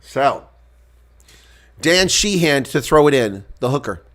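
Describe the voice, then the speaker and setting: Bright-voiced man calling rugby live. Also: mid-range voice, slow. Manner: calls play, then shouts with excitement at big moments; chats to live-stream viewers between plays. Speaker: solo live reaction commentator. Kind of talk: rugby play-by-play commentary.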